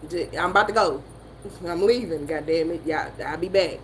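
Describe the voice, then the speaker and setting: A woman with a Southern American accent, telling a story in a profane, animated way and laughing often. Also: on the low side, normal speed, slight background noise, rough recording. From Southern United States. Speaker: motivational streamer. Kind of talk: casual storytelling chat.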